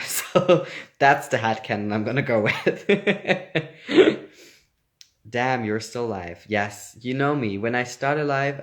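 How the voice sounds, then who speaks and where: A young man, and his speaking voice sits a little low. He chats loosely on a phone livestream, reading out fan comments and breaking into laughter often. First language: German. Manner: laughs often, reads comments aloud, playful. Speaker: actor answering fan questions. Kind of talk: casual livestream chat.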